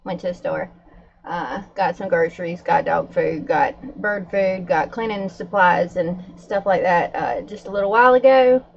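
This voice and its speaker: A woman's voice: fairly low pitch, normal speed, vocal fry, hardly any pauses, lo-fi sound, slight background noise. A woman livestreaming to her viewers in casual chat, a little out of breath and upset. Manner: upset, talking to viewers while calming pets.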